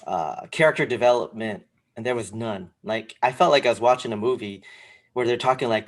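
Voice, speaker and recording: A man co-hosting a casual podcast, talking in a rambling, animated way with lots of fillers. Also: medium pitch, a little fast. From came to this country when young. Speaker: podcast co-host. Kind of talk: casual sneaker podcast chat.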